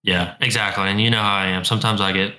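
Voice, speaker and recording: Bright-voiced young man, casual banter. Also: on the low side, fairly even intonation, fast. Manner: rambling, stutters when flustered. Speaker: podcast co-host.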